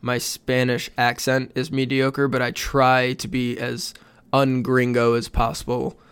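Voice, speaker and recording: A man's voice: medium pitch, monotone, unhurried, a bit bright, clear, resonant tone. A man co-hosting a casual sports podcast, dry and matter-of-fact as he shares details. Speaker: podcast co-host.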